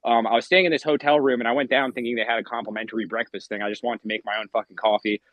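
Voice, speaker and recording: A man's voice: medium pitch, fairly even intonation, rapid-fire, fairly bright tone, no echo. A man hosting a casual call-in chat, pacing outside with a weak connection, talking profanely and getting worked up as he rants. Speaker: podcast host. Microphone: phone call at the edge of wifi range. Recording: dull lo-fi call audio.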